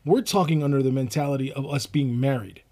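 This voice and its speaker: Husky young man, halting podcast talk. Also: mid-range voice, warm tone. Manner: halting, restarts often while making a point. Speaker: podcast co-host. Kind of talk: casual chat.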